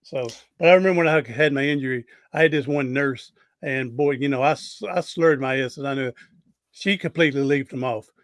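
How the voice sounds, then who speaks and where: A man's voice: medium pitch, a little fast, no echo, studio quality. A man hosting a podcast interview, telling rambling, folksy anecdotes with frequent restarts. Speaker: podcast host. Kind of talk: casual interview storytelling.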